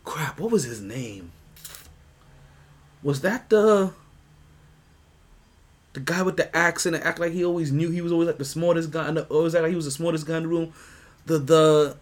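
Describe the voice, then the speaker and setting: A man hosting a sports podcast, talking in a loose, rambling way. His voice sits a bit high for a man. He trips over his own words, restarts often and breaks into laughs. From United States. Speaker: podcast host. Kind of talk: casual sports talk.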